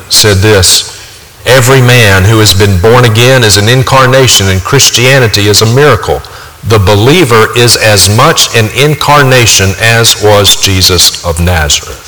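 Man, preacher, low voice, sharp forceful tone, emphatic sermon delivery, long hall reverb.

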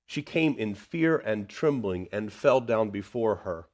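A man preaching a sermon, swinging between loud emphasis and hushed tenderness. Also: on the low side, lively intonation, a little slow, few pauses.

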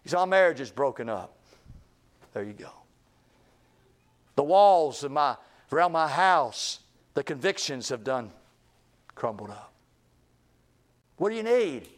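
Male revival preacher, fairly high-pitched, swings between booming and near-whispered lines. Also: very animated, unhurried, pauses often. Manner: swings from booming to hushed, repeats phrases. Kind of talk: revival sermon.

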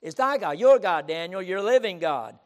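A man acting out an anguished ancient king who calls out to a friend with a drawn-out wail. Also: high-pitched, lively intonation, highs cut off. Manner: wailing, drawn-out calling. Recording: reverberant auditorium.

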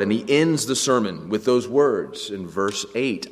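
A man preaching a sermon, earnest, slowing down and rising in pitch to stress key phrases. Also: in a large hall. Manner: earnest preaching, slows and rises for emphasis. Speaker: pastor.

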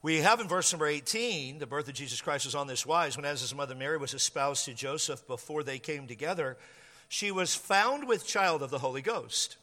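A male preacher tells a story from the pulpit and acts out the scenes as he goes. His voice sits high and sounds bright. A long echo hangs in the church hall around him. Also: lively intonation, brisk. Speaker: pastor. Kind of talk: sermon.

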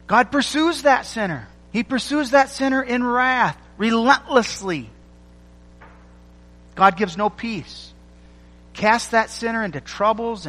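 High-voiced man preaching in a reverberant hall. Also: sharp tone. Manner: emphatic, rhythmic repetition with dramatic pauses. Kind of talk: sermon.

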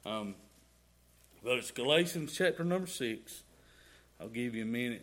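A middle-aged man shares a rambling, folksy church testimony, sprinkled with "y'all" and "ain't," in a sanctuary. His mid-range, slightly bright voice is expressive at normal speed, with long pauses.

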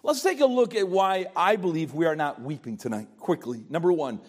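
A man's voice: fairly high pitch, expressive, fairly quick, few pauses. An older man preaching a sermon in a pleading, earnest way, often stammering and repeating phrases. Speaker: pastor.

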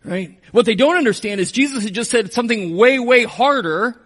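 A man preaching a sermon as pastor, moving between emphatic passages and hushed, slow reflection. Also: extremely high pitch, expressive, big-room sound.

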